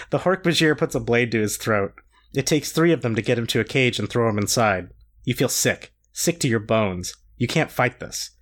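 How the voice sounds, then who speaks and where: A man reading a story aloud with wry comic asides. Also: medium pitch. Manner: expressive, wry narration. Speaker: podcast co-host reading aloud.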